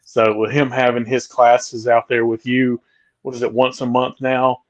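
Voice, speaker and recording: A man hosting a podcast interview in a relaxed, halting way, full of fillers and restarts. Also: medium pitch, muffled recording. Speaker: podcast host. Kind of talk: casual interview chat.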